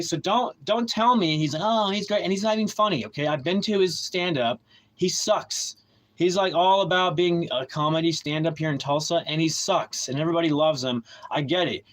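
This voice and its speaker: A man's voice: fairly high pitch, poor audio. A man hosting a livestream, ranting in a heated, profane, rambling way with many restarts and a bitter, aggrieved tone. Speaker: livestream host.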